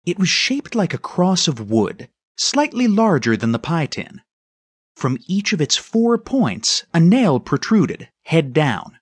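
A man narrating a children's storybook in a husky voice. His pitch moves in a lively, storytelling way. The studio recording is close and dry. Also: slow, dry recording. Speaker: audiobook narrator. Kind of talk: scripted narration.

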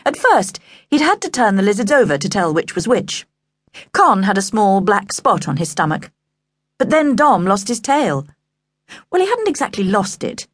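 A woman narrating a children's audiobook in an expressive, animated way, recorded on a studio mic. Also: medium pitch, moderate pace, slightly rough, no room sound. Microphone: studio microphone.

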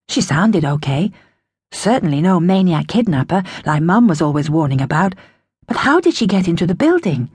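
Breathy, lively woman reading a children's book. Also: fairly low pitch, no echo, clean studio sound. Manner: expressive, storytelling. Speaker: audiobook narrator. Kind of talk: first-person children's book narration.

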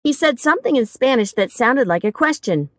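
A woman narrating a first-person mystery audiobook in a wry, expressive way, recorded on a studio mic. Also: sits high, brisk, no room sound.

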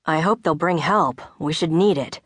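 A woman doing a quiet wounded veteran. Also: sits low, normal speed, husky, no room sound, clean studio sound. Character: wounded American veteran, quiet young man.

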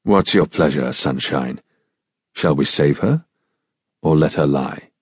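A man voicing a suave, mild-mannered swordsman who speaks softly with dry irony. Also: a bass voice, slow pace, breathy edge, no echo, full character voice. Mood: mild, ironic. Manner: soft, mild, dryly ironic. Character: suave mocking male swordsman, cool and mild.

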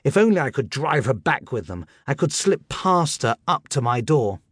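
A man narrating a comic novel in the first person, wry and expressive. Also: medium pitch, normal speed, breathy edge, dry recording, studio quality. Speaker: audiobook narrator.

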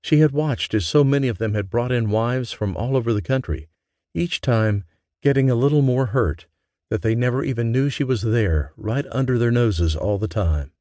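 A man reading a romance audiobook as narrator, in a gentle, measured way. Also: mid-range voice, no echo, clean studio sound. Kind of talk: scripted narration.

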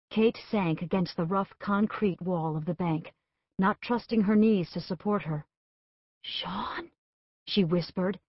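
A woman's voice: medium pitch, dry recording. Woman narrating an audiobook, dry sound. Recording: dull, dry studio recording.

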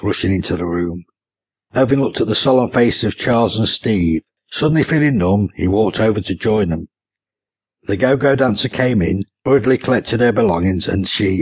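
A man reads his own comic novel aloud with dry timing and gives each character a voice of his own. His voice sits low and husky. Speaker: author narrating his own audiobook. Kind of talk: audiobook narration.

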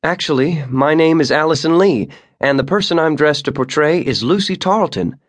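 A man's voice: a little high, moderate pace, voice pushed up, close to an everyday voice. A male narrator voicing a friendly young woman working as a tour guide, speaking playfully. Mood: teasing.

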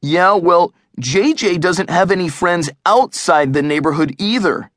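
A man's voice: high-pitched, measured pace, fairly bright tone, no echo, clean studio sound, voice pushed up. A man voicing a scared, dramatic boy in an audiobook, in a pleading, anxious way. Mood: fretful. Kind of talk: audiobook character voice.

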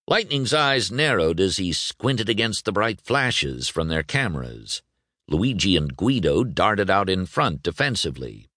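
A man reading a children's novel aloud, expressive and voicing every character. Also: low-pitched, unhurried, no room sound, clean studio sound. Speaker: audiobook narrator. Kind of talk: scripted storybook narration.

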